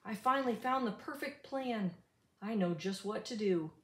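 A woman voicing a hot-tempered, scheming male farmer who shouts in exasperation in a storybook reading. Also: medium pitch, expressive, normal speed, roomy sound, lightly acted. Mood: triumphant.

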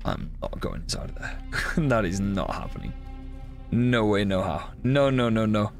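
A man streamer giving casual commentary while playing a horror game, excitable, swearing often and chatting with his viewers. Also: on the low side, moderate pace, music in the background.

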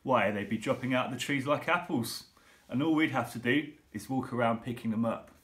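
A doting, enthusiastic father from a storybook, warmly affectionate and swept along by his own scheme, as read by a man. He talks to his son with fond, eager assurance. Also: mid-range voice, brisk, natural voice. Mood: dreamy. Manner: affectionate, carried away by his plan.

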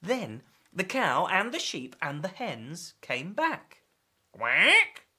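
A woman reading a picture book aloud to children with an expressive, animated delivery. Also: fairly low pitch, slow, husky. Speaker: storyteller.

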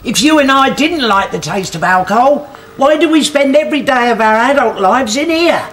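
An actor playing an old pub regular with no name, who talks in a slow, grumbling way. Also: male voice, extremely high pitch, expressive, fairly bright tone, a little hiss or hum.

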